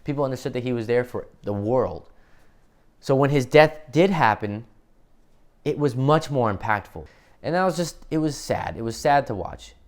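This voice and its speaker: Male film reviewer, casual and profane, exasperated, lively pitch, middle-of-the-road voice. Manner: profane, acts out characters in quick impressions; exasperated ranting.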